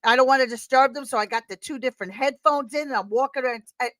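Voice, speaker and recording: High-voiced woman with a thick New York accent. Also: quick pace, dry recording, poor audio. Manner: animated, laughing, rambling with many fillers. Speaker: guest. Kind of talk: casual chat.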